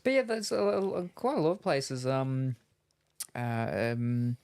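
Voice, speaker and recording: A man's voice: mid-range voice, slow, creaky, darkish tone. A man hosting a casual podcast, speaking hesitantly with many ums and uhs. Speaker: podcast host. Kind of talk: casual chat.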